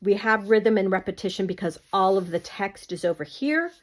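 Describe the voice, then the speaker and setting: A woman's voice: medium pitch, moderate pace. A woman teaching an online art class in a casual, conversational way, often checking that the viewer follows. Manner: conversational, explaining with many fillers and checks.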